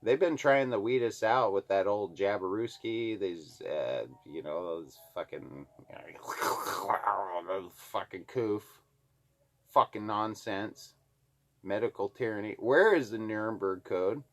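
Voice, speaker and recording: A man's voice: on the low side, takes it slowly, fairly bright tone. A man from Alaska ranting heatedly to the camera, swearing constantly. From Alaska, USA. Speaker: vlogger. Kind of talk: angry political rant to camera.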